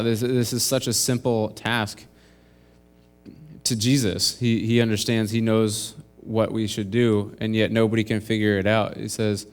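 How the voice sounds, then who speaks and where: A young man preaching a sermon, reading scripture aloud and earnestly explaining the verses one step at a time. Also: fairly low pitch. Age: young adult. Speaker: intern preacher. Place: church.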